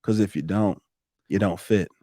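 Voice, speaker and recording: A man guesting on a podcast, talking in a lively coaching way with frequent restarts and laughs. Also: lowish voice, normal speed, dry recording, studio quality. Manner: animated, coaching tone, laughs often, restarts sentences. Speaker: podcast guest, roofing business owner. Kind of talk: casual podcast chat.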